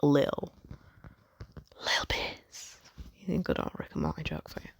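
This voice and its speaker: A man's voice: fairly high pitch, very animated, moderate pace, creaky, a bit bright, no echo, whispered, clean studio sound. A man rambling through a fan story, swearing a lot, cutting himself off and joking about it. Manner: rambling, sweary, self-interrupting, jokey.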